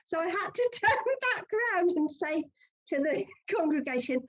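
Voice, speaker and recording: A woman with a high voice telling a story as an interview guest, chatty and laughing often. The audio is dull and muffled. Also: lively intonation, moderate pace, a bit bright. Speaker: funeral celebrant, interview guest. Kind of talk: conversational interview.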